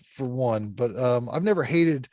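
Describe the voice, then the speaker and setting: A man with a medium-pitched, slightly mellow voice speaks at a measured pace, recorded with no echo. He hosts a horror movie podcast, chatting casually in a review style that's blunt and profane, rambling with plenty of fillers.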